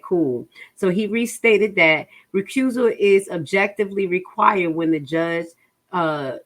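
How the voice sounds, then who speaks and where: A woman's voice: sits low, a bit bright. A woman with a New Jersey accent reading a legal motion aloud and explaining it to her viewers, stumbling over words and stopping for asides. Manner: halting reading with many fillers and restarts, asides to the audience. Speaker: legal commentary host.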